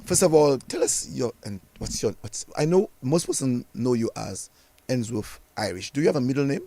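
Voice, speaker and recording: Gravelly man hosting, stammering. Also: medium pitch, lively intonation, normal speed, dark tone, dry recording. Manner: stammering, repeating words as he starts questions. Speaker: radio host. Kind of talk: radio interview. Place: radio studio.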